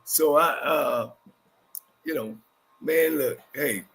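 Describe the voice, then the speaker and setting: A man's voice: on the high side, sing-song, slow pace, gravelly, fairly bright tone. Blunt, outspoken male co-host. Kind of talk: casual sign-off banter.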